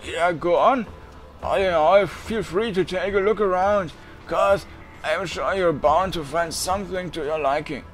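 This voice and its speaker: A man voicing a friendly, chubby bearded shopkeeper in a video game, with a raspy voice that turns thin and breathy when it rises, coughing between lines. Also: sits high, a little slow, faint music behind.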